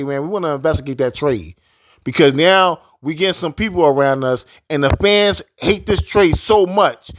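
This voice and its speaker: A man giving a casual, heated sports opinion rant. He repeats his points with emphasis. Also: on the high side. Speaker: sports commentator.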